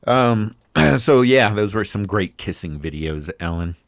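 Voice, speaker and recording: A man's voice: lowish voice, expressive, unhurried, no room sound, studio quality. A man co-hosting a podcast in casual banter, cracking crude jokes and firing off questions. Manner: crude joking, eager questions. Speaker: podcast co-host.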